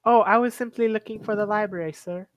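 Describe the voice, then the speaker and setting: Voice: medium pitch, fairly even intonation, fast talker, dry recording, faint music behind, pitched above the performer's own voice, natural voice. A player voicing an earnest young would-be doctor who speaks stiffly formal to sound educated. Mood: prim. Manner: overly formal, stilted.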